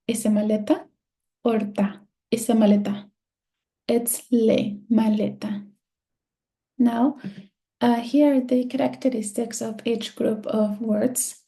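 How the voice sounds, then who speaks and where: A woman teaching a screen-share lesson, speaking slowly and patiently and repeating words to drill the stress. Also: fairly high pitch, gravelly, warm tone. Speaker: Spanish teacher.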